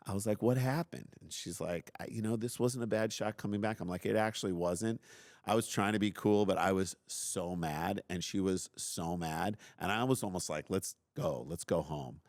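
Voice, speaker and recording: A middle-aged man hosting a podcast, telling a personal story in an animated, self-deprecating way and acting out his own outbursts. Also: sits low, moderate pace, no room sound, studio quality. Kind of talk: casual storytelling.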